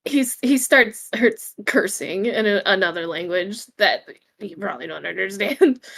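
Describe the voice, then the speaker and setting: Woman player in an online tabletop game; halting, filler-heavy narration, slow. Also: mid-range voice, animated, gravelly, fairly bright tone. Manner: halting, with many fillers and laughs.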